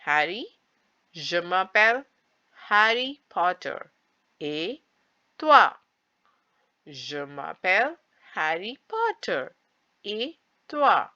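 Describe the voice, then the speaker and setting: A schoolboy from a textbook dialogue, read out slowly by a woman teacher. The delivery is plain and clear, with a bright, lively lilt. The recording is dull and dry. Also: fairly low pitch, full character voice.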